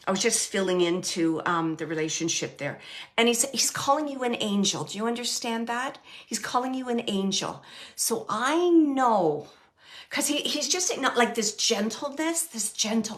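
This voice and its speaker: A woman working as a medium, giving a live reading to an audience member, talking in halting phrases with many fillers and repeating words as she relays messages. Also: medium pitch. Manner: relays messages, quotes the dead man.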